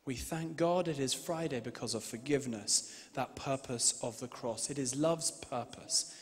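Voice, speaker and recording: A man preaching a sermon and reading scripture, moving between loud emphasis and hushed, slow passages. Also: medium pitch, breathy edge. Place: large church hall. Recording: reverberant hall sound.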